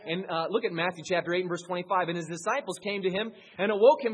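Male pastor mid-sermon; husky, rises to loud high peaks and drops low and quiet. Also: steady tone, fast, hardly any pauses.

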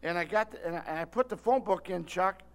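An older man preaching a sermon, telling a story with lively delivery and calling on listeners by name. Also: high voice, fast.

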